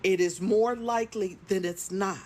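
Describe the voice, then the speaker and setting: A woman's voice: medium pitch, steady tone, normal speed, darkish tone, slight background noise. A woman in her fifties telling a personal story earnestly and emphatically, often checking that the listener follows. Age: 50s.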